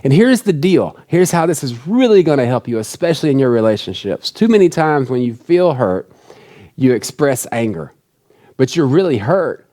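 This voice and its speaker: Guy preaching, warm mellow voice, earnest and chatty, repeats stuff for emphasis. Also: medium pitch, very animated, moderate pace. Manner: earnest, conversational, repeats key phrases. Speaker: pastor. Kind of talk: sermon.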